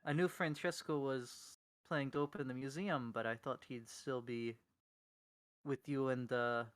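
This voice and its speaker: A man voicing a nervous, on-edge man in a tabletop game, speaking slowly with many hesitations. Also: medium pitch, fairly even intonation, smooth, no room sound, close to an everyday voice. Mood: uneasy. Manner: measured, hesitant with fillers. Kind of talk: tabletop role-play voice.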